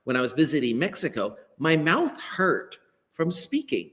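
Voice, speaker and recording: Animated American man teaching pronunciation. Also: fairly high pitch, moderate pace, in a large hall. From United States. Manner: encouraging, explanatory, acts out quoted remarks. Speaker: ESL teacher, guest. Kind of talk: live-stream interview. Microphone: laptop webcam on a video call.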